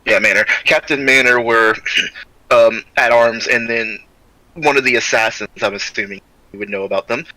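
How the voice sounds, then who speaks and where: A man voicing a steadfast, stoic young male soldier in tabletop role-play, halting and searching for names as he speaks, clearing his throat often. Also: mid-range voice, fairly even intonation, sharp tone, no room sound, natural voice, rough recording.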